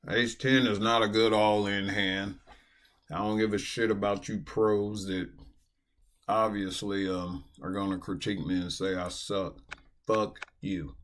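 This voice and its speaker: A man's voice: fairly low pitch, fairly even intonation, measured pace, fairly bright tone. A man streaming online poker, talking casually and venting with a lot of swearing. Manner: profane, venting. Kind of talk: casual live-stream commentary while playing. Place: at a computer, indoors.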